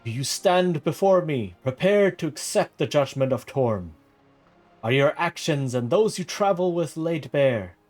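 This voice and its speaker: A man voicing a stately priest who presides over a knighting, speaking loud, slow and ceremonially. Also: a little high, animated, faint music behind, pitched above the performer's own voice.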